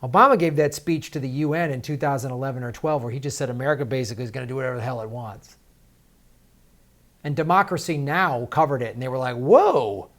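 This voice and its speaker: A man's voice: mid-range voice, quick pace, a bit bright. A man hosting political commentary, talking in a heated, sarcastic way with lots of filler words and restarts.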